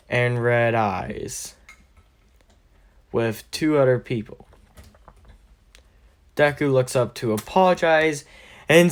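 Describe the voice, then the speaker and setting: A man casually narrating a fan-made story, rambling with fillers and frequent self-corrections. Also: mid-range voice.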